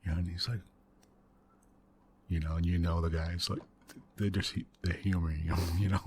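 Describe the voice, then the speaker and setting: A man hosting a soft-spoken ASMR gaming video, rambling through a story in a quiet, meandering way with little chuckles. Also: sits low, flat delivery, normal speed, pauses often, slight background noise. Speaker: ASMR gaming channel host. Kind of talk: soft-spoken ASMR let's play chat.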